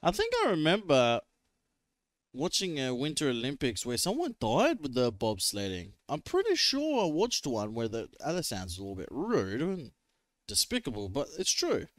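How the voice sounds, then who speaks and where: A man's voice: medium pitch, normal speed, no room sound, studio quality. Aussie guy reacting to a movie, chatty and laughy, voice jumping all over. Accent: Australian. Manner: chatty, laughs easily, animated. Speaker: film reaction host. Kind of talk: casual reaction commentary.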